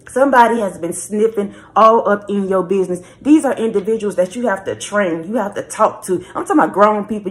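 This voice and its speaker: A woman giving a spiritual message reading in a repetitive, preachy way, often calling the listener baby. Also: medium pitch. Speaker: spiritual reader.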